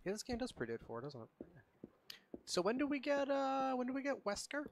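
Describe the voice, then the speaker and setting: A man's voice: very high voice, wildly swooping pitch, brisk, creaky, a little hiss or hum. A man streaming a video game, chatting casually and rambling with lots of filler words. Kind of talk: casual gaming chat.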